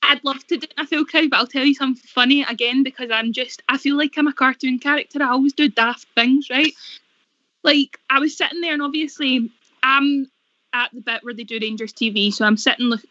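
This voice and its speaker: A woman's voice: high voice, fairly even intonation, a little fast, pushed and bright, no room sound. A young Scottish woman, a singer guesting on a radio phone-in, telling stories in a bubbly way and laughing often. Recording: dull lo-fi radio sound.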